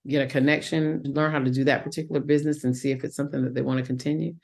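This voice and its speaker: A woman's voice: very deep voice, level tone, very fast, creaky, breathy edge. A woman with a Southern accent, a Broadway actress chatting casually as an interview guest over a video call, calling people honey. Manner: warm, chatty, calls people honey and boo.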